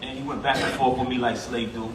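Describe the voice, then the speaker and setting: A man's voice: medium pitch, little pitch movement, fast. New York man, heartfelt eulogy, emphatic and direct; distant mic, echoey, noisy funeral hall. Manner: emphatic, street-casual, talks straight to the crowd.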